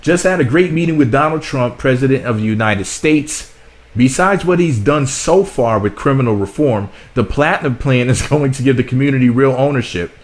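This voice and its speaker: A man's voice: medium pitch, animated, moderate pace, natural voice. A man mimicking a rapper, reading the rapper's upbeat post aloud in a mocking impression. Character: rapper reading his own upbeat tweet.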